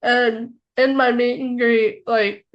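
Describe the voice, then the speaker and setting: A young American woman telling a story on a podcast, excitable and full of "like" fillers. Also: a little high, slow, dull audio. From United States. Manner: excitable, filler-heavy with lots of "like". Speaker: podcast co-host. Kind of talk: casual storytelling chat.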